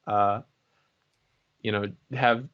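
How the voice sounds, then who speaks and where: A man's voice: on the low side, fairly even intonation, extremely slow, clear, resonant tone, narrow, tinny audio. A man co-hosting a podcast in casual chat, rambling and joking with plenty of fillers. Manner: rambling, jokey, lots of fillers. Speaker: podcast co-host.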